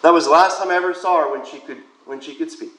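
Man, priest, high voice, conversational sermon storytelling, reverberant church room. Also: fast talker. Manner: conversational storytelling with soft whispered asides. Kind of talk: sermon with personal anecdote.

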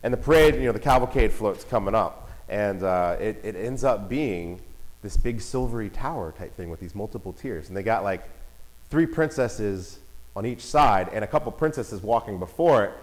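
A father telling a family story in a casual, animated way. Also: lowish voice, moderate pace, poor audio. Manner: animated, acts out voices and shouts in quotes.

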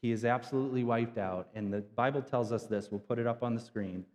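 A man's voice: mid-range voice, a little fast, darkish tone. Casual preaching man in a reverberant hall. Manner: casual, retells scripture in everyday slang. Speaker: pastor. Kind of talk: conversational sermon storytelling. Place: church sanctuary.

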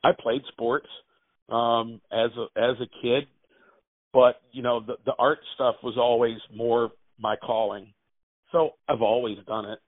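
A man, an actor and writer, telling animated anecdotes in a casual interview. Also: mid-range voice, a little slow, dry recording. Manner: animated anecdotes, acts out quotes. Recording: tinny phone-like line, dry.

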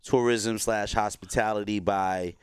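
A man with a New York accent talks in a lowish, very clear voice, streetwise and animated. The sound is dry and close. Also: unhurried, no room sound. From Brooklyn, New York. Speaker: guest, tour guide. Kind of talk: casual chat.

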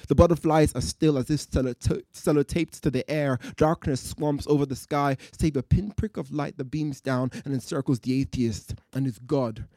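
A man from West Africa, a poet and storyteller, performing live in a festival tent with measured, rhythmic, vivid delivery. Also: on the high side, warm tone, no echo, studio quality. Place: night-time festival marquee.

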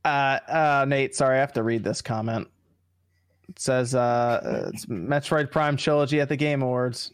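A man's voice: mid-range voice, fairly even intonation, normal speed, clean tone, no room sound, clean studio sound. A man hosting a casual gaming podcast, laid-back and laughing often as he reads out viewer comments. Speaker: podcast host reading Super Chats. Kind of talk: casual chat.

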